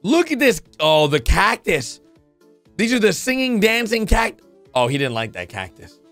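Reacting to funny videos, a man talks in a loose, excited way, jumping between ideas and letting out exclamations. He has a high voice and a moderate pace, with soft music in the background.

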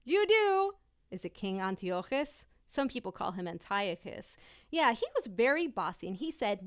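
A woman's voice: medium pitch, big pitch swings, moderate pace. A woman hosting an interactive children's holiday show over a video call, bubbly and encouraging, calling out children by name. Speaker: children's musician and host.

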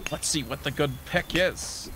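Excitable swearing man streaming a game. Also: a little high, measured pace. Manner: excitable, profane, trash-talking the monster. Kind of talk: live gameplay commentary. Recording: loud background noise.

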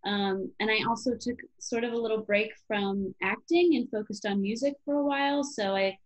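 A woman's voice: on the high side, moderate pace, rough recording. A woman in her thirties from Chicago, an actress talking casually in an interview, with lots of "you know" and "um". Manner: chatty, many fillers like "you know" and "um". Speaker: actress guest.

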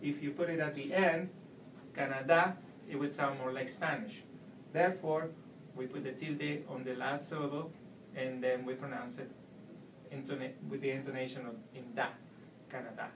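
A man's voice: medium pitch, steady tone, noisy background. Man teaching in an echoey room. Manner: explains slowly, repeats examples. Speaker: Spanish teacher. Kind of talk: video language lesson. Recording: echoey room, mic at a distance.

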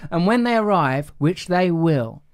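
A podcast host in a debate, speaking in slow, grand, philosophical phrases. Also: male voice, high-pitched, animated, clean tone. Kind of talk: debate discussion.

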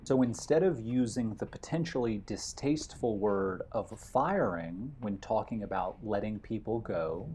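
A man giving a vocabulary lesson while walking outdoors on a hiking trail, in a measured way, defining each word and then restating his example. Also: lowish voice, expressive, a little mellow, a little hiss or hum. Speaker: vocabulary teacher.

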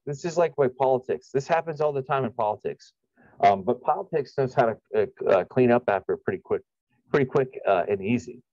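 A man's voice: fairly low pitch, a little mellow, dry recording, highs cut off. A man giving an unscripted, profane commentary rant, rambling with many restarts, repeated phrases and sarcastic, scornful asides. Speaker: YouTube commentator.

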